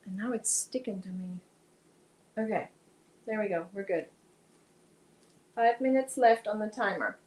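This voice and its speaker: A woman's voice: medium pitch, measured pace, long pauses, darkish tone, low-quality recording. A woman hosting a casual crochet livestream, chatting with viewers, reading their comments aloud and talking to her cat.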